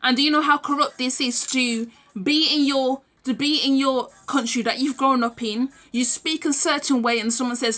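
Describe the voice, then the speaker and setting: Young adult woman vlogger, emphatic and heated, with a high, sharp voice. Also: fairly even intonation, moderate pace, few pauses. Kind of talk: direct-to-camera rant.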